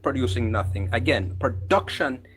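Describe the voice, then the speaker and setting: A man's voice: mid-range voice, expressive, normal speed, slight background noise, poor audio. Firm Jamaican man debating politics. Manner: firm, lists places and facts, talks over interruptions. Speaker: political commentator.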